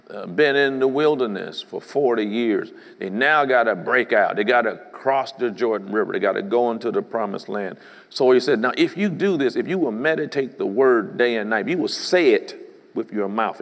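A man's voice: mid-range voice, gravelly. A man preaching a sermon as a bishop, emphatic and rhythmic, often breaking in with "praise the Lord.". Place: church sanctuary. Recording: long hall reverb.

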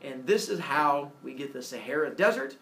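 A male teacher retells a myth to his class with playful, animated storytelling, his pitch swinging widely. He is heard in an echoing classroom through a camera across the room, with faint background noise. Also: moderate pace. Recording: echoey room, far from the mic.

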